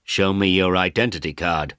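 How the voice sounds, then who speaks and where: Casual: guy doing a strict cop, low flat voice, storybook. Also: normal speed, smooth, no echo, clean studio sound. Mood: stern. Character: stern male policeman.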